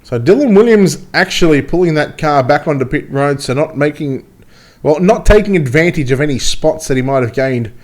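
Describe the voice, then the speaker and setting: A race announcer with a fairly high male voice calls a dirt track event. He moves easily from chatty, joking asides to quick, excited play-by-play as the cars come around. He sounds like he is working from the track's booth. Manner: chatty and joking between races, rising to excited play-by-play when the cars run.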